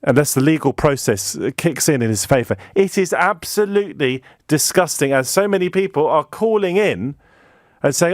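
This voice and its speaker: A man's voice: a little high, lively intonation, normal speed, no room sound, clean studio sound. An indignant middle-aged British man with a British accent, delivering an impassioned radio monologue as host of a phone-in show. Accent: British English. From Britain. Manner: indignant, rhetorical, emphatic.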